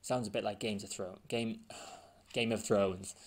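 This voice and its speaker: A man with a gravelly, slightly low voice talks through gameplay in a casual, offhand way. He thinks aloud and mutters to himself as he scans results on screen. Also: steady tone, measured pace. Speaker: gaming channel host.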